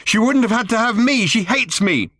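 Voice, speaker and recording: A man voicing a shrill, furious young girl. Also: expressive, moderate pace, no echo, clean studio sound. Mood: bitter. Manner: shrill shouting outbursts. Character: angry young alien-raised girl, sullen and explosive.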